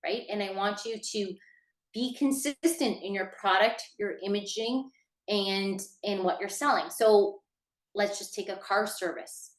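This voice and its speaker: A woman teaches a workshop in a loose, conversational way, with plenty of fillers, and speaks directly to her audience. Her voice sits at a middle pitch. The recording has a noticeable room echo. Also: measured pace. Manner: chatty, many fillers, addresses listeners directly. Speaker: workshop instructor. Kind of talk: casual workshop lecture.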